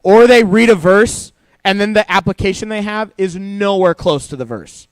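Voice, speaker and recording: A man's voice: high voice, moderate pace, clear, resonant tone, no echo. A young man giving a youth sermon, a casual, joking storyteller who acts out quotes as he goes. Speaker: youth pastor. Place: church youth service hall.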